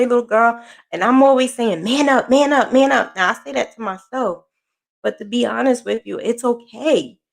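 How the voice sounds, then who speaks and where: Woman, business mentor, casual motivational vlog, gravelly voice, earnest and repetitive. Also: a little high. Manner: earnest, encouraging, repeats phrases for emphasis. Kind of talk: casual motivational talk to camera.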